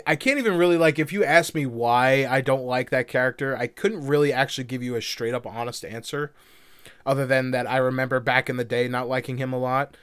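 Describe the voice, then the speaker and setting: A man's voice: mid-range voice, fairly even intonation, fairly quick, a bit bright, clear, resonant tone, no room sound. A man co-hosting a podcast in casual chat, rambling, laughing often and swearing casually. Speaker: podcast co-host.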